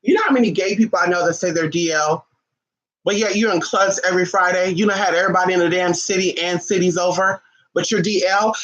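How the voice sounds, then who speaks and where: A man giving spiritual advice on a casual livestream, blunt, profane and animated as he acts out his viewers' questions. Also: high-pitched, fast talker, muffled recording.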